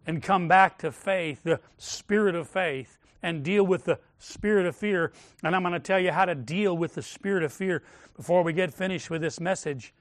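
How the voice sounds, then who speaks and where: A man preaching a sermon, measured and emphatic, sinking to a hush on key words. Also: fairly high pitch, no room sound, studio quality.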